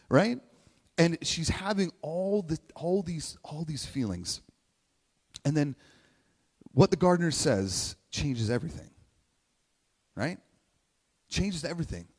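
A man's voice: fairly high pitch, expressive, unhurried, pauses often. Man preaching in an echoing hall. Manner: conversational, keeps asking "right?"; emotional, near tears at times. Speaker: pastor. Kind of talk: sermon. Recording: long hall reverb.

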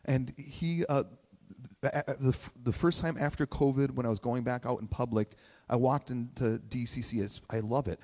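In a hall with long reverb, a pastor preaches conversationally in a steady, slightly mellow mid-range voice at a moderate pace. At moments he's moved almost to tears, and he often checks in with "right?"

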